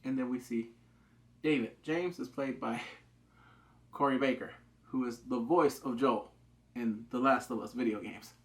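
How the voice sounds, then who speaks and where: A man who reviews TV shows talks through an episode casually and excitably, at a measured pace with frequent pauses. When he acts out quotes, his pitch jumps dramatically, and he swears loosely.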